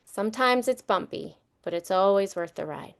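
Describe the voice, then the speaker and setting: A soft, reassuring storybook grandmother who comforts a grandson with calm patience, as a woman reading aloud puts her on. Her voice is smooth and clear. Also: medium pitch, moderate pace. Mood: tender. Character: gentle loving grandmother caring for her grandson.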